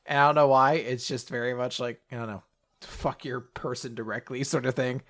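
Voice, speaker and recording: A man co-hosting a casual manga podcast, recapping a chapter in a lively, animated way and jumping up in pitch to quote characters. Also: fairly quick, no room sound. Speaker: podcast co-host.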